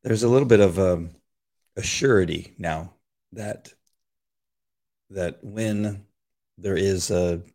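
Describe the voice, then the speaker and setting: A man co-hosting a podcast, speaking in a measured, thoughtful way and searching for his words. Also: deep voice, a little mellow. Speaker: podcast co-host. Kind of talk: casual faith conversation.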